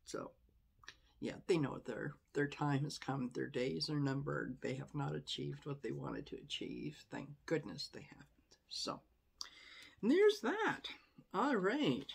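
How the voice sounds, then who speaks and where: A woman tarot reader talks through her spread in a husky, breathy voice, lower-pitched than most women. She speaks slowly and unhurriedly, but her pitch swings widely as she turns exasperated. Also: sing-song. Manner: conversational, exasperated asides, laughs often. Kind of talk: casual commentary to camera.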